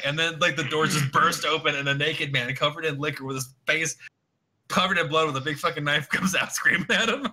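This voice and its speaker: A man playing a tabletop role-playing game, excitable and laughing often as he describes his schemes. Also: on the high side, a little fast. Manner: excitable, laughing, tells stories with relish. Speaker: player.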